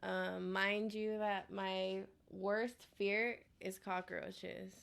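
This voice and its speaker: A woman's voice: mid-range voice, level tone, drawn-out words, creaky, a bit bright, smooth. A young woman chatting as a podcast guest, talkative and laughing often. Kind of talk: casual chat.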